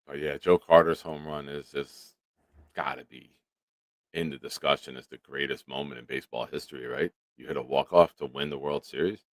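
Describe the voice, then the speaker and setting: Low-voiced, profane livestream host. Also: male voice, fairly even intonation, normal speed, no echo, clean studio sound. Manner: loose and profane, laughs easily. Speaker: livestream sports show host. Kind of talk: casual live-stream chat, reading viewer comments.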